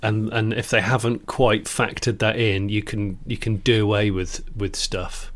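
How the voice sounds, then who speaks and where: A man co-hosting a casual podcast chat, jokey and enthusiastic, quick to laugh. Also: lowish voice, little pitch movement, fairly bright tone. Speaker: podcast co-host.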